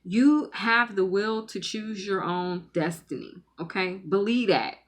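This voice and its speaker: A woman's voice: mid-range voice, takes it slowly. A woman giving a spiritual reading in casual, rambling talk, repeating words and checking in with "okay?" often. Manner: emphatic, stretches key words. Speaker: spiritual medium and tarot reader.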